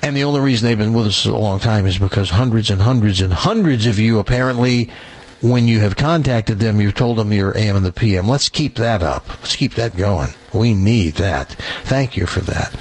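A man hosting a radio talk show, bantering with co-hosts and reading a live ad in a chatty, animated way. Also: fairly low pitch, normal speed.

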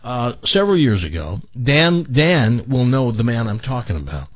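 A man's voice: medium pitch, very animated, normal speed, no room sound, lo-fi sound. An older man hosting a talk show, telling a long personal story with many stammering restarts. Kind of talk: storytelling in casual chat.

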